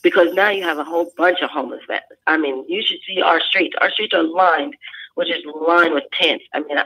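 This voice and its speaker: A woman's voice: deep voice, fairly quick, bright, forceful tone, slightly rough, poor audio. A woman veteran from California, speaking as a guest on a talk show in earnest bursts, often restarting her sentences. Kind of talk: phone-in talk show interview.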